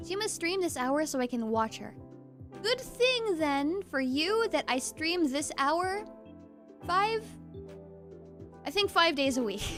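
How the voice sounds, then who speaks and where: Bubbly high-voiced woman streamer. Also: a bit bright. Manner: bubbly, giggly, reads chat aloud. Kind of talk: casual chat with viewers.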